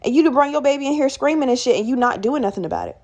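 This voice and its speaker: A young woman hosting a podcast tells a story casually and animatedly, swearing a lot and acting out other people in raised voices. Her voice sits high, and she talks at a racing pace.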